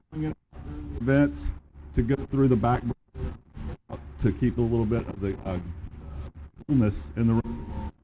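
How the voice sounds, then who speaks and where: A man's voice: a little high, dark tone, a little hiss or hum, rough recording. Folksy Alabama man at the podium. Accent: Southern US, Alabama. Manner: folksy, self-deprecating, filler-heavy. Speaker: conference organizer. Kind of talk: opening remarks at a conference. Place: conference room. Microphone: handheld or podium mic, cutting out.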